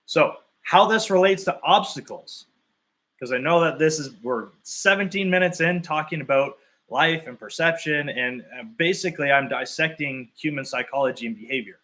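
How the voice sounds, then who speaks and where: Bright-voiced male fitness coach thinking aloud. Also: on the high side. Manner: explains through drawn-out hypothetical examples; loose and conversational, thinking aloud. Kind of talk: live talk to clients.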